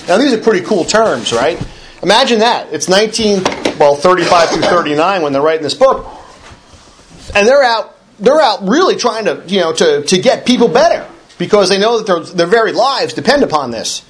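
A man's voice: sits high, lively intonation, moderate pace, a little hiss or hum. A middle-aged man speaking at a recovery meeting, telling his own story in a conversational way, with frequent restarts and wry, self-deprecating humor. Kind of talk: personal recovery talk.

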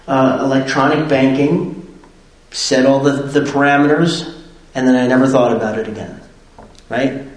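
A man's voice: mid-range voice, darkish tone. Middle-aged man, candid storyteller who mocks himself, mic set back in a very reverberant room. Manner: candid, self-mocking, laughs at himself. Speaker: speaker sharing recovery story. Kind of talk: personal storytelling. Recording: very echoey room, distant mic.

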